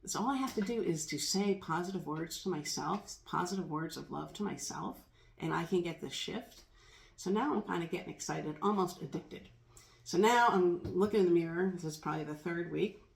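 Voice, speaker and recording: A woman's voice: lowish voice, moderate pace, creaky. A middle-aged woman sharing a personal story in an earnest, reflective monologue, repeating kind words she says to herself. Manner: earnest, reflective, speaks lines to herself aloud. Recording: echoey room.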